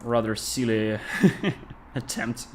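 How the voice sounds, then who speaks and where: A man with a Russian accent, a game developer thinking aloud with many pauses and fillers as he plays on a casual livestream. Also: medium pitch, fairly even intonation, slight background noise. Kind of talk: casual livestream gameplay commentary.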